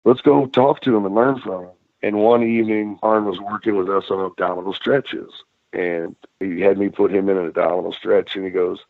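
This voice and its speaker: The voice is low and gravelly, fairly quick, with no echo: a former wrestler trading road stories in a relaxed podcast interview. He curses liberally and plays out other people's lines with animation, over dry, phone-like narrow audio.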